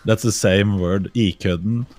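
A man's voice: mid-range voice, expressive, fairly quick, faint music behind. A man from Norway with a strong Norwegian accent, patiently coaching words during a casual stream chat. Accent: Norwegian dialect. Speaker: guest streamer.

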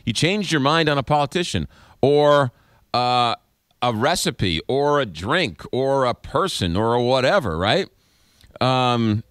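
A man's voice: medium pitch, no room sound, studio quality. A man hosting a talk radio show, telling stories in a casual, conversational monologue. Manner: animated storytelling, acts out voices in quotes; conversational, frequent fillers and restarts. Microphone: studio microphone.

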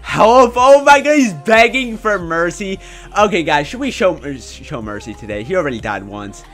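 Excitable young man narrating gameplay. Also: sits high, moderate pace, soft background music. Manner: excitable, bursts into shouting. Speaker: gaming YouTuber. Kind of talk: live gameplay commentary.

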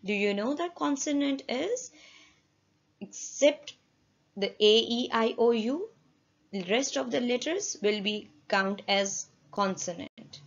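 A woman teacher speaks slowly and deliberately, leading a classroom lesson for children. She keeps quizzing her pupils with repeated questions. The recording sounds dull and lo-fi. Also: a little high, lively intonation.

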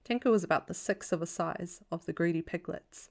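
A woman reading a novel aloud as a bedtime story in a calm, even storytelling voice. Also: lowish voice, brisk. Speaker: audiobook reader.

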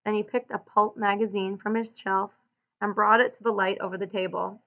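A woman teacher reading a novel aloud and pausing to give clear instructions, on a dull lo-fi recording. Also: medium pitch, level tone. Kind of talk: audiobook read-aloud with lesson notes.

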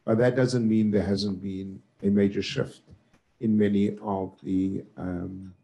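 A middle-aged man from South Africa, a professor on a panel discussion, speaking forcefully and building to emphatic outbursts. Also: lowish voice, steady tone, a little slow, vocal fry, rough recording.

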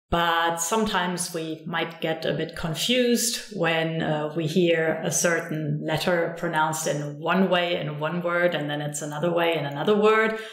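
A woman teaching a recorded lesson, calm and patient, saying example words slowly and repeating them. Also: sits low, roomy sound. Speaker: language teacher.

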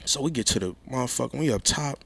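A young man, a rapper guest, telling a story in a casual interview, loud and laughing, jumping between low mutters and high exclaims. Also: expressive, quick pace, gravelly, husky.

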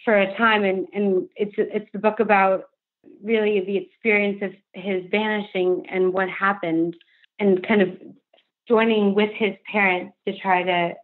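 A woman's voice: medium pitch, little pitch movement, unhurried. A young adult woman speaking earnestly and candidly as a podcast guest, with frequent "like" fillers. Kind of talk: candid interview conversation. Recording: phone-line remote call.

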